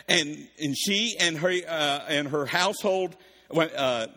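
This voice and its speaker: A man preaching a sermon. He reads scripture and breaks off to explain it with lively asides, in a voice pitched a little high. A long reverb trails after his words in a large hall. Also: slow. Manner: reads verses then explains them, with animated asides.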